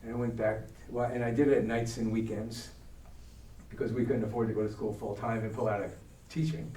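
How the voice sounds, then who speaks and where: A man's voice: lowish voice, brisk, reverberant, distant mic, slight background noise, poor audio. Older New York man telling stories. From Brooklyn, New York. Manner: animated, acts out the voices of people in his stories. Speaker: guest speaker. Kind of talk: storytelling talk. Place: church hall.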